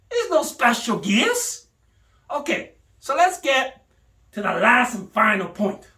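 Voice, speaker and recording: A woman's voice: on the high side, creaky, pushed and bright. A woman delivering a mock-indignant comic rant in an exaggerated, theatrical way. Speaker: comedic commentator. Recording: echoey room, mic at a distance.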